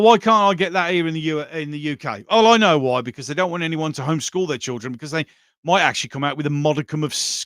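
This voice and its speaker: A man's voice: fairly high pitch, fairly bright tone, no room sound, studio quality. Bawdy Brummie man chatting. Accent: Birmingham (Brummie). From England. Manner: blunt, bawdy, laughs often. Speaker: livestream host reading chat. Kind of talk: casual chat.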